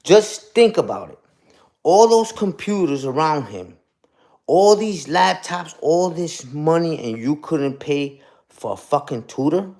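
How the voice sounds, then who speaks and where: A man on a casual live stream, mocking someone in a loose, taunting rant. His voice sits a bit high for a man and swings widely up and down as he jabs and repeats himself. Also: very animated, unhurried, darkish tone. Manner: taunting, repetitive, peppers lines with "you heard?".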